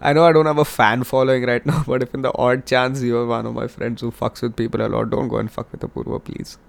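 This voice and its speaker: A man's voice: mid-range voice, level tone, quick pace, creaky. A young man hosting a podcast, talking in a hyped, rambling, jokey way and swearing often. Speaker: podcast host. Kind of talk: casual monologue.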